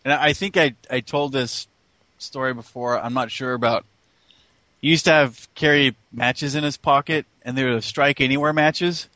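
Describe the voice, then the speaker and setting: A man's voice: medium pitch, fairly even intonation, normal speed, sharp tone, no room sound. A man telling a childhood story with amusement, laughing along as he goes. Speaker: podcast co-host. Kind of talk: casual storytelling.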